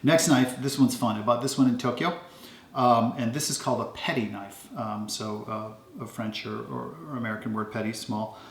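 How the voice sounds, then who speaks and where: A man talks through his kitchen knives in a loose, rambling way, filling his pauses with ums. His voice is gravelly and sits at an ordinary pitch. The sound bounces around a roomy home kitchen. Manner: relaxed, rambling, many ums. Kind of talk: casual show-and-tell.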